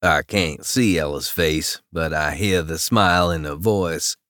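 Deep, slow male audiobook narrator. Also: fairly bright tone, smooth, no room sound, clean studio sound. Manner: low-key, wry inner voice. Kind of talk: first-person romance narration.

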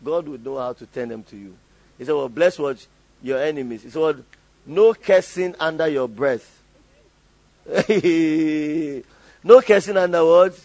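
A man's voice: a little high, unhurried, darkish tone, dry recording, poor audio. A male pastor preaching a sermon, calling on the congregation to fill in and repeat lines, often laughing. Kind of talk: call-and-response sermon.

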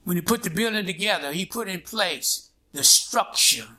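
Here a male pastor's voice rides high, bright and forceful, with lively intonation at a moderate pace. He is preaching in call-and-response fashion, nudging the congregation with "huh?" and "what?" until they reply.

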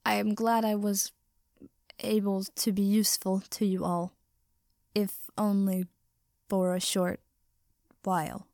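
A woman's voice: mid-range voice, fairly even intonation, normal speed, dark tone, dry recording, studio quality, lightly acted. A woman voicing a pompous, formal tin man who speaks precisely like a class president. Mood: rueful.

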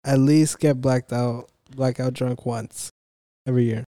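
A man's voice: mid-range voice, steady tone, measured pace, mellow, dry recording, clean studio sound. A young man chatting with friends, adding brief remarks and laughing easily. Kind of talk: casual chat, mixing Spanish.

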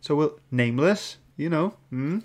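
A man's voice: a little high, expressive, a little slow. A man hosting a casual podcast chat, reading out viewer comments and joking with his co-hosts. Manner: chatty, reads out viewer comments. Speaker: host.

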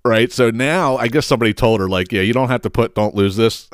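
Speaking at a quick pace in a smooth, mid-range voice, this middle-aged man from southeastern Pennsylvania hosts a podcast and rants casually on his own. He spins rambling, profane stories full of laughter and exasperation, and the studio-quality audio has no room sound.

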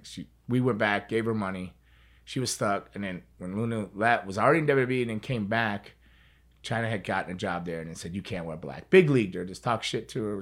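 A man's voice: low-pitched, a bit bright. A man telling a story as an interview guest, in a casual, rambling way, repeating words and swearing freely.

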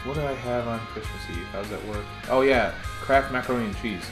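A man's voice: medium pitch, quick pace, over music. Wry male podcast co-host. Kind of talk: casual chat.

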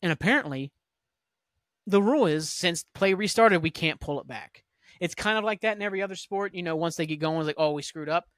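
This sports talk podcast host, high-pitched with a fairly bright tone, fires off a profane, heated, fast-paced rant about refereeing. The studio recording is clean, with no echo.

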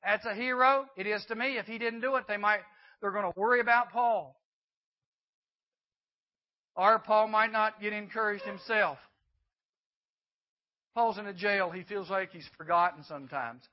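A man's voice: sits high, normal speed, pauses often. A man preaching a sermon to a youth group, telling a Bible story and acting out the characters in dialogue. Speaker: youth speaker. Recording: dull lo-fi recording.

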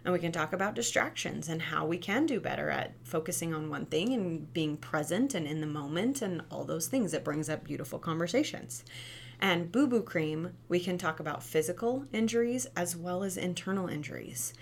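Low-voiced chatty young mother. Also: lively intonation, normal speed, creaky, a little hiss or hum. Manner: earnest, chatty, frequent "right?" tag questions. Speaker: mother sharing parenting advice. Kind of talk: casual monologue.

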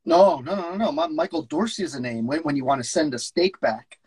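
A man's voice: fairly high pitch, animated, brisk, a little mellow, slightly rough, pitched above the performer's own voice. A man reading the part of a curmudgeonly older talent agent in a script read-through, flustered, stammering and sarcastic. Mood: exasperated.

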